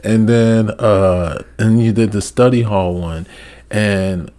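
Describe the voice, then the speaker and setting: Young guy guest, low voice, rambling casual talk with a freestyle rap. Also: takes it slowly, mellow. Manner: loose, rambling, swears casually. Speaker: guest rapper.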